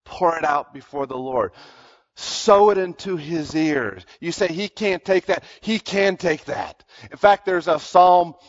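A man preaching a sermon. His delivery swings from hushed storytelling to loud, high emphatic peaks. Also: lively intonation, a little slow. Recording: dull lo-fi sermon recording.

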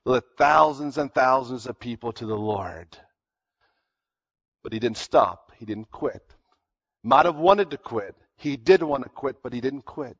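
A man preaching a sermon, telling a story earnestly, dropping his voice low and then rising for emphasis. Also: expressive, unhurried, slightly rough. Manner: earnest storytelling, drops to near-whispers and rises for emphasis. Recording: dull lo-fi recording.

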